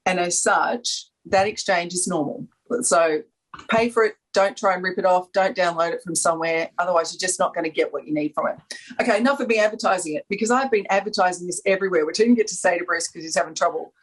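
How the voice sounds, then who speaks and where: Aussie woman rambling on a panel, excited, laughs a lot. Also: lowish voice, fast talker, slightly rough, low-quality recording. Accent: Australian. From Australia. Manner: enthusiastic, rambling, laughs often. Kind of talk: casual chat.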